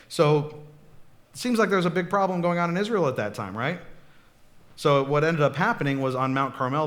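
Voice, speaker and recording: Chatty pastor preaching a casual sermon. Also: male voice, medium pitch, fairly bright tone. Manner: chatty, checks in often with "okay?" and "right?".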